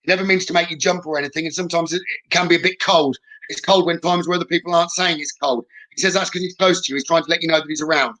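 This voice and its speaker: A man's voice: on the high side, steady tone, very fast, sharp tone, low-quality recording. A man working as a psychic medium, giving a live reading in a reassuring tone and often checking in with "okay?".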